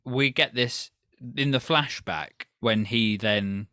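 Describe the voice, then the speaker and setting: A man's voice: medium pitch, slow, bright, forceful tone, clear, resonant tone, dry recording, clean studio sound. A man co-hosting a casual film review podcast, joking, interrupting and slipping into mock posh impressions. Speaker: podcast co-host.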